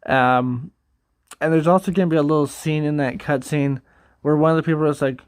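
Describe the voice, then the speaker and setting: A man's voice: fairly high pitch, steady tone, a little fast, smooth, no room sound, studio quality. A man casually rambling about a game story, cursing and laughing often as he goes. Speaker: gaming video creator.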